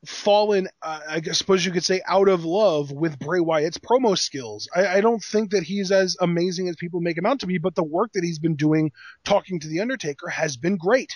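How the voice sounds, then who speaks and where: A man's voice: high voice, brisk, breathy edge, no echo. A man co-hosting a casual wrestling review podcast, blunt and exasperated, quizzing his co-host with pointed questions.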